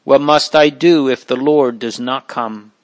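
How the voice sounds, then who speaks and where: A man reading a dying old man's hushed prayers. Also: mid-range voice, steady tone, dry recording, close to an everyday voice. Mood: pleading. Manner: slow, hushed, fervent pleading. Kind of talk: reading aloud from an old memoir.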